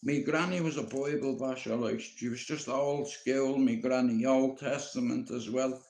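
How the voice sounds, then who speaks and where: A man's voice: mid-range voice, steady tone, normal speed, a little mellow. A Dublin man in his fifties telling stories casually on a live stream, rambling and swearing with plenty of "you know". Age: 50s. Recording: roomy echo.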